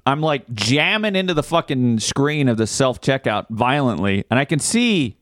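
A man co-hosting a casual podcast, telling a profane, angry story about a store trip and shouting out his frustration. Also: medium pitch, very animated, moderate pace, dry recording, clean studio sound. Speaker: podcast co-host. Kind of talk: casual chat.

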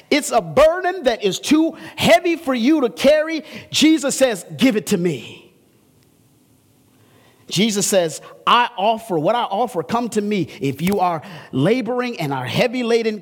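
A man with a notably high-pitched voice delivers a sermon from the pulpit. He swings between soft, low explanation and fervent, climbing refrains. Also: slightly rough. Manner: impassioned preaching, rising in pitch on repeated refrains. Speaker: pastor.

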